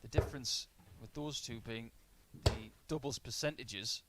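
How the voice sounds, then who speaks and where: Male darts commentator, analytical play-by-play, mid-pitched voice, clear background hiss, clicks. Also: unhurried. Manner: analytical, stat-heavy play-by-play. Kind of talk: live sports commentary. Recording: noisy line with clicks.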